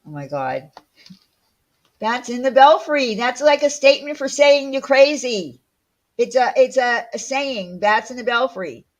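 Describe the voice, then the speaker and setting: Slow-talking blunt woman livestream host. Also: a little high, expressive. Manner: chatty and blunt, with frequent fillers and swearing. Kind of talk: casual livestream chat answering viewer comments.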